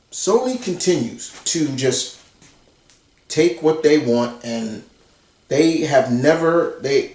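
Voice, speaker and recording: A man ranting bluntly and profanely in an exasperated movie commentary vlog. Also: on the high side. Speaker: commentary vlogger. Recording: roomy echo, far from the mic.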